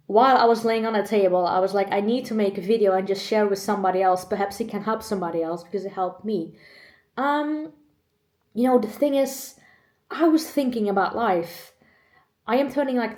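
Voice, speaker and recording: A woman's voice: medium pitch, darkish tone. A young woman in her twenties speaks candidly to her camera, rambling and close to tears. Her voice sits in a middle register. The room around her rings and echoes. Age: 20s. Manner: emotional, chatty, laughs often. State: choked up, on the edge of tears. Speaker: vlogger. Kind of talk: candid personal vlog. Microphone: camera mic.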